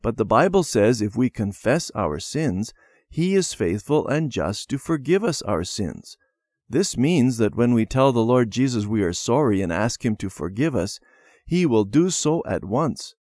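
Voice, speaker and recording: A man voicing a gentle, patient father who speaks kindly and earnestly in a children's storybook reading. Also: mid-range voice, sing-song, unhurried, no room sound, clean studio sound. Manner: kind, earnest.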